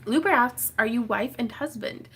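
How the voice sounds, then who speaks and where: A woman's voice: fairly high pitch, moderate pace, noisy background. A woman hosting a casual craft livestream from her home craft room, chatting, laughing often and reading viewer comments aloud.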